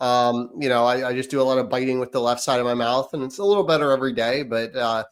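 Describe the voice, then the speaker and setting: A man co-hosting a parenting podcast who tells stories in a lively, animated way and often trails off into fillers. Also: mid-range voice, quick pace, clear, resonant tone. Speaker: podcast co-host. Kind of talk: casual chat.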